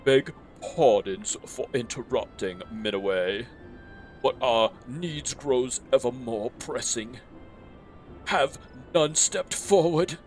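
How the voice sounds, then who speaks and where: A man's voice: medium pitch, slow pace, faint music behind, close to an everyday voice. A man doing a melodramatic elf archer. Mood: urgent. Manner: grave, melodramatic.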